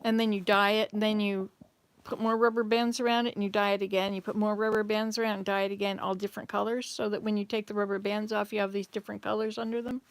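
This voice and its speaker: An older woman hosts a casual livestream from her home in Canada, rambling through memories and answering viewers' comments from chat as she goes. Her mid-range voice is flat and quick in delivery, clear, with a resonant tone.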